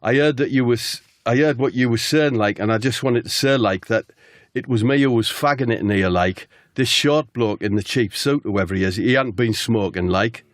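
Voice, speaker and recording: A chatty young male singer in a flat cap, played by a man, owning up in a friendly, casual way. His speech is loose and filled with "like". The sound is dry and close. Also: mid-range voice, normal speed, hardly any pauses, no echo, close to an everyday voice. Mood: chummy. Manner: chatty, peppered with "like".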